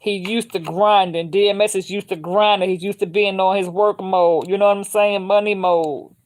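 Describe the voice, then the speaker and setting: A woman's voice: medium pitch, fairly even intonation, moderate pace, a little mellow. A woman giving a casual spiritual tarot reading, informal and emphatic, repeating her points. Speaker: tarot reader.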